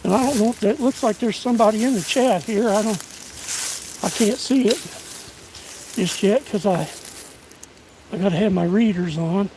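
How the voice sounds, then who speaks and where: A man's voice: high voice, normal speed, long pauses, darkish tone, slight background noise, low-quality recording. A man, chatting in a folksy, rambling way while out of breath. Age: 60s. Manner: rambling, folksy, self-deprecating. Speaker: vlogger. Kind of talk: casual outdoor livestream chat. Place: outdoors in rural woods. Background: outdoor ambience and a passing train.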